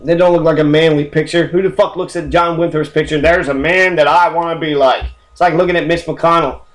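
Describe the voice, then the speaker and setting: A man's voice: on the high side, steady tone, a little fast. Angry, foul-mouthed ranting man. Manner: angry, heavily swearing, rambling. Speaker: history channel host. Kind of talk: profane history rant.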